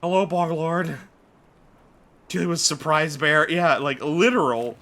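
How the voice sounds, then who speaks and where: A man's voice: fairly high pitch, unhurried, sharp tone. A man streaming a game live, joking, swearing and muttering to himself as he plays. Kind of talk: live gameplay commentary.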